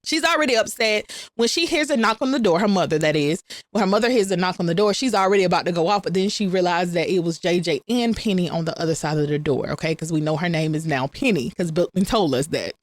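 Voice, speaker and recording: A woman's voice: lowish voice, lively intonation, quick pace, no room sound. Chatty woman recapping a show. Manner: chatty, addresses viewers as y'all; playfully acts out the characters' lines. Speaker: recap channel host. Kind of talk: casual storytelling recap.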